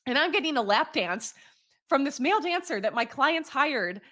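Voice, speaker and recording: A woman in her thirties, hosting a show and telling a candid personal story in a lively, casual way, laughing often and swearing freely. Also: high voice, normal speed. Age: 30s. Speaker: podcast host.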